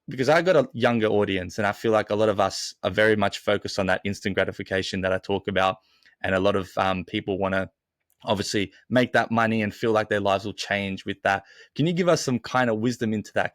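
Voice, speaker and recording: A man hosting a podcast interview, asking halting, admiring questions. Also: lowish voice, fairly bright tone, no room sound, clean studio sound. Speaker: podcast host. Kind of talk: casual interview.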